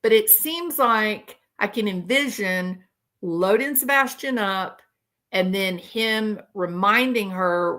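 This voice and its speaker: A woman's voice: mid-range voice, expressive, slow, pushed and bright. A woman hosting true crime commentary, talking casually to her viewers and speculating aloud with rhetorical questions.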